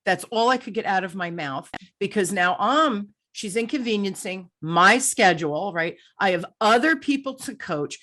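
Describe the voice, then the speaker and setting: A woman's voice: medium pitch, expressive, unhurried, few pauses, a bit bright. A middle-aged woman hosting an interview show, telling a candid story and acting out her own thoughts. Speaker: podcast host. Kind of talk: conversational interview.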